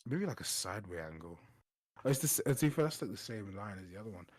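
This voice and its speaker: A man's voice: lowish voice, sing-song, fast, darkish tone, husky, no room sound, studio quality. A man, a game developer, chatting casually and rambling on a dev stream. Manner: laid-back, rambling with restarts.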